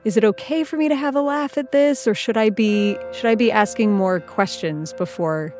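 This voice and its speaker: A woman's voice: mid-range voice, moderate pace, darkish tone, soft background music. Wry woman podcast co-host. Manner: questioning, lightly wry. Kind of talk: conversational scripted narration.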